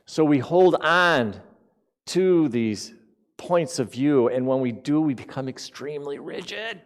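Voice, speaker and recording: A man giving a conversational sermon to a spiritual community. He asks the congregation questions and swings from loud emphasis to quiet asides. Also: medium pitch, lively intonation, a little slow.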